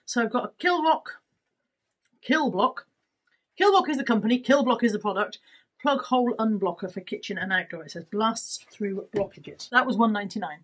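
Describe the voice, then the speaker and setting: A chatty woman talking through her shopping haul at a table at home, rambling along and poking fun at herself. Her voice sits a little high and has a husky, breathy edge. It sounds as if it is picked up by a camera resting on the table in front of her. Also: animated, brisk, rough recording. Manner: chatty, rambling, self-deprecating. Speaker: YouTuber showing a shopping haul. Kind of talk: casual haul vlog.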